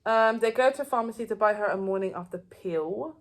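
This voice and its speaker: A woman's voice: medium pitch, brisk. A woman giving a casual, rambling recap of a TV season, with loose phrasing and frequent restarts. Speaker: TV show reviewer.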